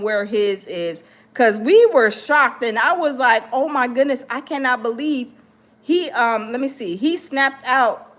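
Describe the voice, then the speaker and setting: A woman's voice: fairly high pitch, a bit bright. A woman hosting a casual gossip livestream, rambling and chatty with lots of fillers while she searches for clips. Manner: rambling, chatty, many fillers and hold-ons. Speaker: gossip YouTuber host.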